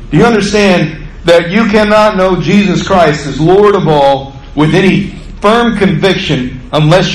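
A man preaching a sermon as pastor, acting out quotes with rising pitch and volume. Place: church sanctuary. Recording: echoey church room, faint ambience.

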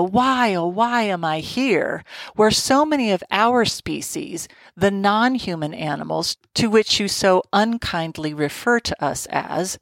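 A woman's voice: lowish voice, dry recording. A woman speaking as the wise voice of animals. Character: animals speaking together to humans, calm and wise.

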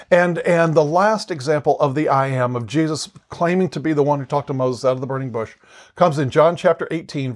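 A man gives a conversational Bible teaching in a slightly raised voice. He is earnest and explanatory, often circling back and repeating words as he works through a point. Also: on the high side.

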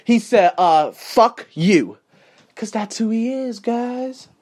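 A man's voice: very high voice, animated, slow, dark tone. A man hosting his own show and delivering an emphatic, profane motivational rant full of repetition. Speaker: podcast host. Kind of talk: ranting motivational monologue.

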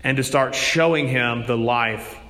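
Speaking unhurriedly in a sharp, medium-pitched voice, a male priest delivers a sermon that unfolds like a conversation, with emphasis that swells as he goes. It was captured in a church with long, hall-like reverb.

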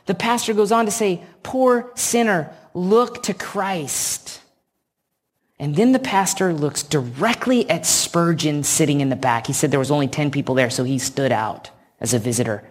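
A woman preaching a sermon, telling a story slowly and earnestly with emphatic repetition. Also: fairly low pitch, husky.

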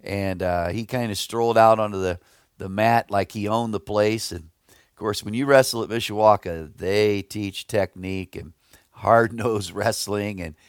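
A man's voice: fairly low pitch, unhurried, smooth, dry recording, studio quality. A middle-aged man preaching a devotional sermon, earnest and emphatic, with folksy asides and stories. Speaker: pastor.

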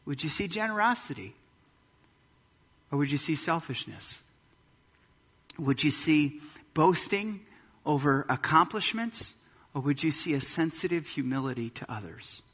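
A man preaching to his congregation with a bright, forceful voice pitched a little high. He presses his points with rhetorical questions. The sound carries a long reverb, as in a big hall. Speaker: pastor. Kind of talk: sermon. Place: church sanctuary.

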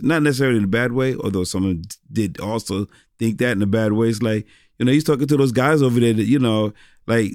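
A man's voice: mid-range voice, fast, darkish tone, no echo, studio quality. A middle-aged man, a pastor and former rapper, telling stories in a casual interview, rambling with many restarts and fillers.

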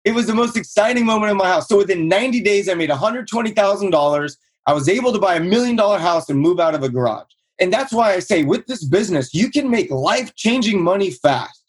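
A man's voice: fast talker, husky. A man in his thirties from Southern California, telling his own story in a casual interview and acting out quotes with a raised voice. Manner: energetic storyteller, acts out quotes in higher voice. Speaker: guest, real estate investor.

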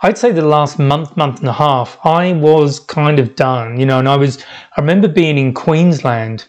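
A man's voice: fairly high pitch, normal speed. Rambling, reflective middle-aged man. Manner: rambling, reflective, many restarts. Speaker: podcast host. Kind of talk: reflective travel storytelling podcast.

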